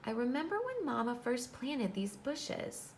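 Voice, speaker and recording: A woman voicing an eager, self-doubting young boy in a pitched-up, earnest storybook voice. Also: sing-song, unhurried, slight background noise. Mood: hopeful.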